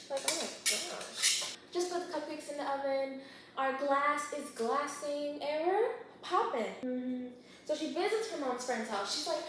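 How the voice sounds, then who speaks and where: A young woman casually retelling a thriller plot while baking, gossipy and quick, acting out the characters' lines. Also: sits high. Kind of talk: casual chatty plot recap. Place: home kitchen. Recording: very echoey kitchen, faint hum.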